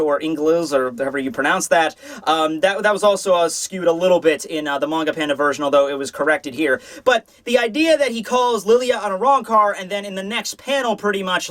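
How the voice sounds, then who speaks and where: A man's voice: high-pitched, a bit bright. A man hosting a casual manga review, talking loosely with many fillers and restarts. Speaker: manga reviewer, channel host. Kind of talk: casual chapter review commentary.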